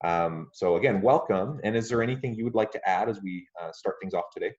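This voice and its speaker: A man hosting a podcast interview, speaking in a polite, measured way with frequent ums. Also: lowish voice, darkish tone. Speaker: podcast host. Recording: muffled lo-fi audio.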